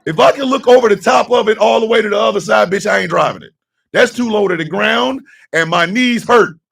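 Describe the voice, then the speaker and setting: A middle-aged man delivers a blunt, profane monologue on his radio talk show, repeating his points for emphasis. His voice sits fairly high and sounds gravelly and husky. He is heard from a short distance off the mic. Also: a little fast, a bit bright.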